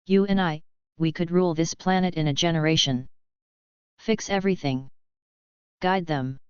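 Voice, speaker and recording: A woman voicing a cold, calm alien father in an audiobook, flat and matter-of-fact. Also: lowish voice, normal speed, clear, resonant tone, dry recording, highs cut off, close to an everyday voice.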